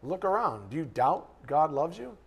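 Male Bible teacher, slightly high-pitched, conversational and joking with emphatic bursts. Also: very animated, normal speed, creaky, breathy edge. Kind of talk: sermon.

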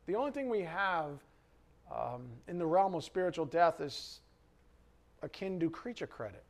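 Animated preacher, a man with a higher voice. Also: fairly quick. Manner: animated, asks the congregation questions, rises sharply when worked up. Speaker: pastor. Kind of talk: sermon. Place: church hall with congregation.

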